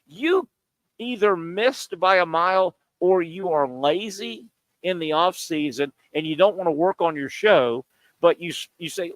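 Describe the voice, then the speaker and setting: A male sports talk host delivers a fiery rant full of rhetorical questions. His voice sits somewhat high and the sound is dry and close, as if on location at a bar and grill. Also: expressive, measured pace, fairly bright tone, no room sound. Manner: combative, scolding, rhetorical questions.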